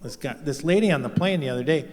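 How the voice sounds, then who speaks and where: A man's voice: fairly high pitch, fast talker, a little mellow. A man doing a stand-up comedy set, rambling and crude, with lots of "you know" fillers. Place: live stage show in a large venue. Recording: long-reverb live venue recording. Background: audience laughter.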